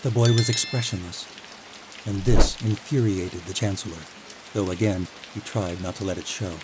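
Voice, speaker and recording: A man with a fairly low voice reads a fantasy audiobook calmly and evenly. Steady rain is clearly audible behind his narration. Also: moderate pace, very noisy.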